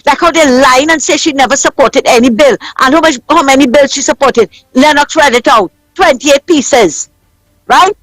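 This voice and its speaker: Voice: sits high, normal speed, a bit bright, no echo, poor audio. A caller with a Trinidadian accent speaking earnestly on a radio call-in show.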